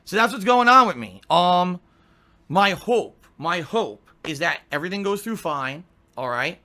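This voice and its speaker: 40s male streamer, defensive and swearing, sharp bright tone. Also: sits high, animated, unhurried. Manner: aggrieved, defensive, profane. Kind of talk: podcast rant.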